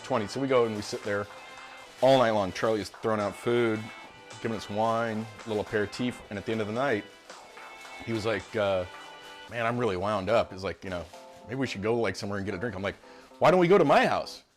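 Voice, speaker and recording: A man's voice: fairly low pitch, fairly even intonation, quick pace, faint music behind. A man telling a casual anecdote as a guest, acting out the people he quotes. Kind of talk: casual storytelling.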